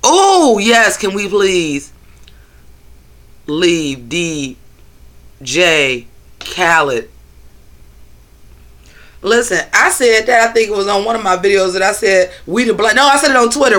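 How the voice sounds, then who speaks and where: Bright-voiced man livestreaming. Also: high-pitched, very animated, slow pace, long pauses. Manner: loose, profane, reads and answers chat. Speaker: livestream host. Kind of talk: casual livestream chat with viewers. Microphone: phone.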